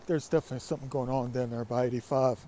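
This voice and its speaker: A man with a raspy, allergy-stuffed voice, musing and rambling in a casual vlog by a creek. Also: mid-range voice, fairly even intonation, rapid-fire, mellow, a little hiss or hum. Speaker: vlogger. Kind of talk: casual walking vlog monologue. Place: outdoors by a creek.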